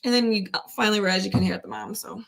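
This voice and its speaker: A woman's voice: medium pitch, fairly even intonation, fast talker, gravelly, a bit bright. A woman co-hosting a casual live stream, laughing often and telling rambling stories. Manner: giggly, rambling storyteller. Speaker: co-host.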